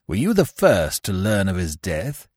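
A man puts on an impatient commissioner who snaps out questions harshly and emphatically, as in an audiobook. The voice is deep and animated, recorded dry and close. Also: measured pace, slightly rough, dry recording, exaggerated voice. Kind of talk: dramatic audiobook reading.

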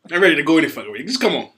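A man co-hosting a casual, profane chat, laughing loudly and often. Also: fairly high pitch, sing-song, rapid-fire, background noise.

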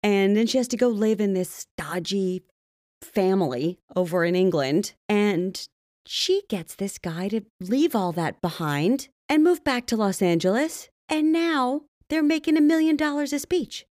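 A woman's voice: mid-range voice, expressive, unhurried, a little mellow, no echo. A woman co-hosting a podcast in a mid-range voice, chatty and wry. Her sound is dry and close with no room around it. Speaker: podcast co-host. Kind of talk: casual chat.

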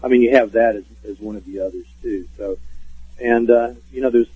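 A man with a medium-pitched, husky voice and steady tone rambles a little fast as a call-in radio guest, his long stories thick with fillers and restarts. The casual interview comes through a tinny phone line with no room sound.

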